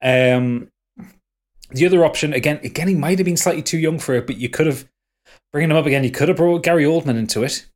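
A man with a slightly raised pitch talks through films in a loose, casual podcast chat. He rambles, stacking up fillers and false starts as he thinks aloud. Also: quick pace. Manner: rambling, many fillers and restarts. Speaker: podcast host. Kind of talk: casual film discussion.

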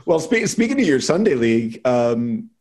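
A man's voice: medium pitch, big pitch swings, normal speed, darkish tone. A man hosting a podcast who drops in joking, laughing asides. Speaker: podcast host. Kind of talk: casual chat.

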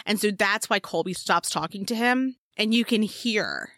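A woman's voice: mid-range voice, normal speed, a bit bright, dry recording, clean studio sound. A woman co-hosting a casual true-crime podcast, blunt and emphatic, swearing freely. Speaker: podcast co-host.

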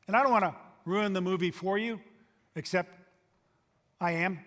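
A man with a high, bright, ringing voice preaches a sermon with emphatic force, rising loud and then dropping to a hush. His voice carries the long reverb of a large hall. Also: moderate pace, long pauses. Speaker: pastor.

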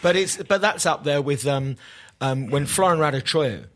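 A man's voice: on the high side, moderate pace. Wry storytelling man. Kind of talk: casual chat about football.

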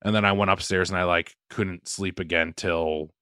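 A man's voice: sits low, fairly even intonation, normal speed, sharp tone, clear, resonant tone, no room sound, studio quality. A man co-hosting a podcast, talking in a rambling, filler-heavy, self-deprecating way. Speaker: co-host. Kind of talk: casual podcast chat and host-read ad.

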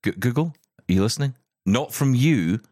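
A man co-hosting a casual tech chat podcast, jokey and animated, often restarting his sentences. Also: medium pitch, moderate pace, no room sound, studio quality.

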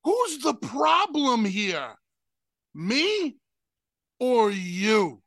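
A wronged wrestler , as a man acts him out, poses sarcastic questions to the crowd. He speaks slowly and pointedly, and the sound is dry and close. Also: high voice, lively intonation, sharp tone, no room sound, full character voice. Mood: questioning. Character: aggrieved male pro wrestler questioning the crowd.

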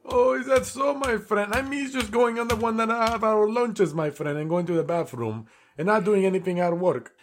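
A man's voice: high-pitched, moderate pace, soft background music, pitched above the performer's own voice. A man putting on the voice of an idle office worker who talks in stiff, formal phrases and calls everyone "my friend". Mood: chummy. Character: Petul, male office worker, chummy and idle.

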